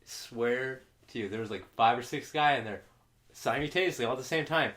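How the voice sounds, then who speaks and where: Young guy on a gaming podcast, rapid excited stories, curses a lot, stops and restarts. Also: mid-range voice. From California. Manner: excited storyteller, swearing, many restarts. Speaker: podcast co-host. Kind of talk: casual chat.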